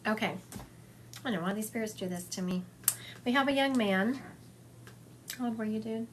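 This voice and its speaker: A woman's slightly high voice, at normal speed, comes through a phone livestream with a little hiss or hum. She's a psychic medium giving a chatty reading, delivering and enacting spirit messages for her audience.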